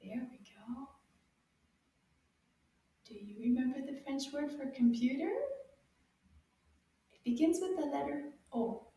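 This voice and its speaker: A woman teaching French to young children, cheerful and encouraging, sounding out each word in a slow, exaggerated way for them to repeat. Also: sits high, dark tone. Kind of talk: children's language lesson. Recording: very echoey room, mic far off.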